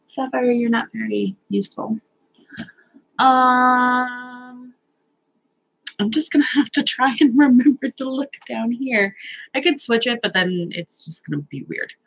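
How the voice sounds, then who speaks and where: A woman's voice: fairly high pitch, slow, gravelly, pauses often, low-quality recording. A young woman hosting a casual live stream, chatty, nervous and self-deprecating, swearing now and then as she sorts out technical problems.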